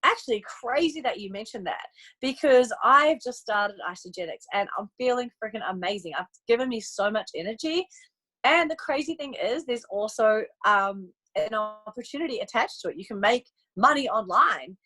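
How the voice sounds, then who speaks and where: A woman's voice: a little high, normal speed, poor audio. A young adult woman giving a casual, upbeat training talk to her sales team, acting out chats with prospects as she goes. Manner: bubbly and animated, acts out chats with prospects in upbeat voices. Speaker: network marketing coach on a team training call.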